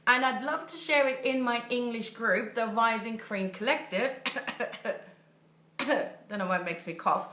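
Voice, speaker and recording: A woman's voice: on the high side, sharp tone. A woman from Germany, a mindset coach talking casually and upbeat on a livestream, thinking aloud and laughing often. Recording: echoey room.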